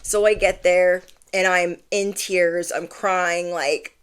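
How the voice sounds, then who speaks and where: A woman's voice: lowish voice, fairly even intonation, takes it slowly, few pauses, smooth. A woman in her thirties telling a personal story to her viewers in a chatty way, full of "like" fillers, acting out what people said. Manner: chatty, lots of "like" fillers, acts out quotes. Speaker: vlogger.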